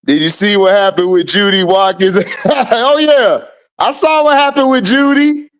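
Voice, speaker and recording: A livestream host talking casually and loudly, teasing viewers and repeating taunts with bursts of laughter. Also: medium pitch, measured pace. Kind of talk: casual livestream trash talk.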